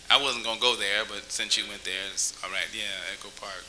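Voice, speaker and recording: A man's voice: lowish voice, steady tone, a little slow, pushed and bright, low-quality recording. A man doing stand-up comedy in a small cafe, chatty and teasing the audience with questions, sometimes breaking into a crooning song. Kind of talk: stand-up comedy with crowd work.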